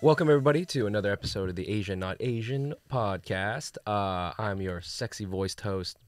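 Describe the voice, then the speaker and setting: A man hosting a casual podcast from a studio, getting over a cold and talking softly with a laid-back, joking manner full of ums. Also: fairly low pitch, fairly quick, soft background music. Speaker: podcast host. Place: studio in Brooklyn.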